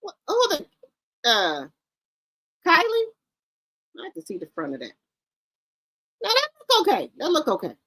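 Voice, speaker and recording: Animated woman hosting celebrity gossip. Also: sits high, moderate pace, long pauses, dry recording. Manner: loud, incredulous exclamations and blunt swearing; talks straight to her viewers. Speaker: gossip channel host. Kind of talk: casual celebrity gossip commentary.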